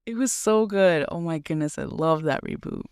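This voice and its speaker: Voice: mid-range voice, sing-song, moderate pace, creaky, clear, resonant tone, no room sound, studio quality. A co-host in casual podcast chat who talks eagerly about old shows and sometimes brings in a Bible verse. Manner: enthusiastic, quotes scripture.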